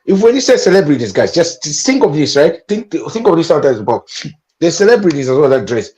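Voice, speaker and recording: A man's voice: a little high, big pitch swings, fast, a little mellow. A man on a discussion panel, joking around in slangy street talk.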